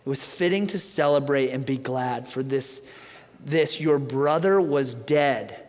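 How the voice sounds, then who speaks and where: A man doing a gentle, soft-spoken father. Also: mid-range voice, very animated, takes it slowly, husky, voice pushed down, full character voice. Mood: tender. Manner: soft, tender reassurance. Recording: long church reverb.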